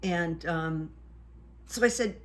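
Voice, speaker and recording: An older woman talks to her viewers in a relaxed, rambling vlog, dropping ums and uhs as she goes. Her voice sits a little low for a woman, and she tells the story in a chatty, unhurried manner. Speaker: vlogger and hypnotherapist. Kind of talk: casual storytelling to camera.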